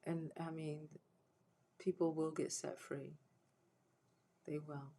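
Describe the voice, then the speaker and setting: Taking it slowly, a deep-voiced woman with a dark tone and little pitch movement addresses viewers of a faith-based livestream. She is earnest and close to tears, her preacherly encouragement broken by frequent restarts and repetition. The audio is poor.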